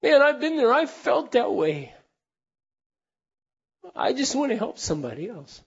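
A middle-aged man telling heartfelt stories in a sermon, earnest, dropping to a hush and then rising loud for emphasis. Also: very high voice, sing-song, measured pace, gravelly, breathy edge, dull audio. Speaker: speaker.

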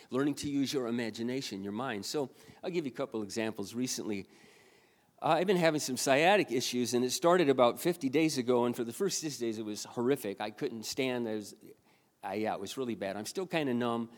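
A man in his sixties, a pastor, telling a personal story in a rambling sermon with many restarts. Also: medium pitch. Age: 60s. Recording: long hall reverb.

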